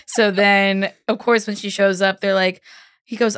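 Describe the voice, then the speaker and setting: A woman guesting on a podcast in casual chat, animated and full of fillers. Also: mid-range voice, measured pace, smooth, no echo, studio quality. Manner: animated, laughing, filler-heavy.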